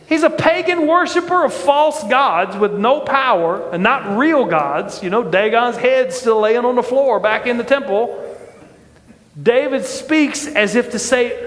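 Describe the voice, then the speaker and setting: A male pastor preaches with a high, bright voice and an easy, conversational manner, turning to the congregation with questions. His voice carries through a big, roomy sanctuary and leaves a long reverb tail. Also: expressive, a little slow. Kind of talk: sermon. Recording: echoey church hall with long reverb.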